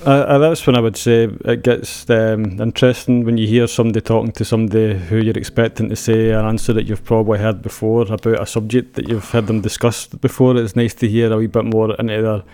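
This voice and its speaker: A man's voice: on the low side, little pitch movement, brisk, few pauses, dark tone, clear, resonant tone. A man with a Scottish accent in a casual podcast chat, thoughtful and a bit hesitant.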